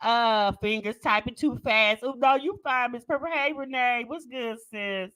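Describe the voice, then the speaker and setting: A middle-aged woman, chatting casually on a live stream and telling stories, animated and laughing often. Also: fairly high pitch, unhurried, smooth, no echo. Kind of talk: casual live chat storytelling.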